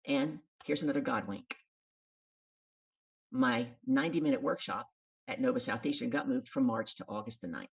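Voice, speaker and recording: A woman's voice: rumbling low, vocal fry, breathy edge, far from the mic. A woman guest on a podcast, a coach and speaker, telling stories with animation and acting out the voices of the people in them. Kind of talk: storytelling in an interview.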